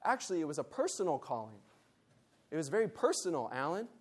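A man's voice: on the high side, very animated, fast talker, slightly rough. A man speaking at a conference meeting, giving a Bible lesson and leading the audience in call and response. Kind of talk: Bible lesson with group exercise.

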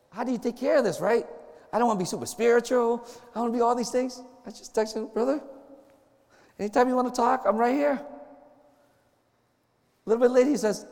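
Man, high voice, campus minister, chatty joking sermon, acts out dialogues, long hall reverb. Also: a little mellow. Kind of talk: informal sermon to a group.

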